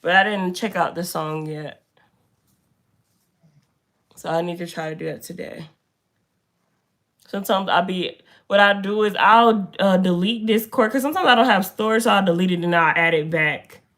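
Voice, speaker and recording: A young woman chatting casually on a live stream in a room indoors, talking to her viewers by name in an animated way. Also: on the low side, moderate pace, long pauses. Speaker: livestreamer.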